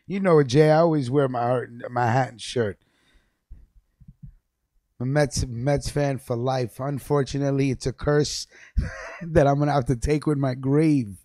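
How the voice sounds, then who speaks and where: A man's voice: medium pitch, unhurried, pauses often, no echo, studio quality. A man hosting a live talk show, telling stories with lots of laughter in casual banter. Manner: animated storytelling, laughs often. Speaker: radio show host.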